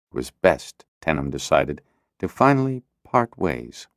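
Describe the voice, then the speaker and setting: A man reading a fantasy audiobook as narrator, with expressive, dramatic storytelling. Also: very deep voice, no room sound, studio quality. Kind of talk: scripted narration.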